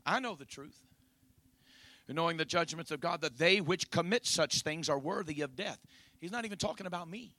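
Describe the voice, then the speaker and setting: High-pitched shouting Pentecostal preacher man. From raised in a Pentecostal home. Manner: shouting preacher with rhythmic "uh, amen" fillers. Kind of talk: sermon.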